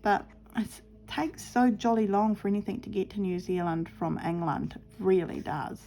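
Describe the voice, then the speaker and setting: Woman, middle-aged, gravelly creaky voice, chatty crafting vlog, cheerful and laughing, sewing at home. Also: mid-range voice, fairly even intonation, moderate pace, dark tone, soft background music. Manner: cheerful, laughs often, muses aloud. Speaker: craft vlogger. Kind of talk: chatty storytelling while sewing.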